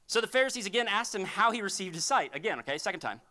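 A woman pastor giving a humorous, conversational sermon in an animated style. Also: mid-range voice, rapid-fire.

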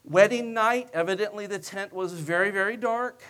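A man preaching a sermon in a high voice, retelling the story in a relaxed, conversational way. He slips joking asides in among the narration and talks to his listeners as if chatting with them. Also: moderate pace.

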